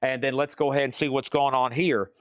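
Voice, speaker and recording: A man's voice: mid-range voice, steady tone, dry recording, clean studio sound. A man hosting a live online record sale, rattling off items and prices in casual, chatty sales patter. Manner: brisk, rattles off item lists and prices; casual, chatty asides to viewers. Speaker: live auction host selling vinyl records.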